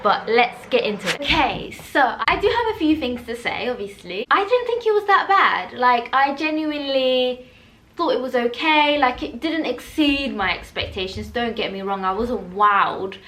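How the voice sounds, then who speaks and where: Chatty young woman, high voice. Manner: chatty, animated, quick to laugh. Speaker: vlogger reviewing a film. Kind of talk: casual reaction chat. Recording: roomy echo.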